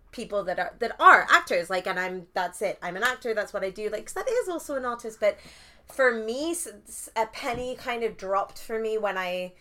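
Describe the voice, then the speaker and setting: A woman's voice: mid-range voice, sharp tone. A young woman from northeast England, chatting casually as a podcast guest, with lots of fillers and restarts. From Newcastle upon Tyne, England. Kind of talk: casual chat.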